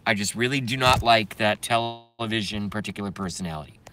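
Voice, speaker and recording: A man ranting angrily and profanely while reading viewer comments, swinging between yelling and mumbling. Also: on the low side, fairly quick, slight background noise. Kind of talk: angry political rant and comment reading.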